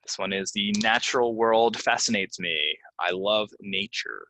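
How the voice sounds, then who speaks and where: A man teaching English pronunciation, reading example sentences and then repeating key words slowly with clear stress. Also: on the low side, pushed and bright, dry recording. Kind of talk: pronunciation lesson. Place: Orlando, Florida.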